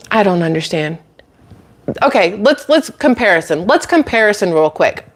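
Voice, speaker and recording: A woman's voice: mid-range voice, sing-song, unhurried. A woman hosting her own channel, ranting to camera in a blunt, sarcastic, incredulous way with exasperated laughs. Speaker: channel host.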